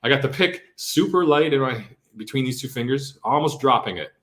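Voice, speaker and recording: A man's voice: medium pitch, animated, a little fast, fairly bright tone. Casual man teaching guitar strumming. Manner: casual, repeats "okay?", counts beats aloud. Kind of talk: live-streamed guitar lesson. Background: his own acoustic guitar strumming.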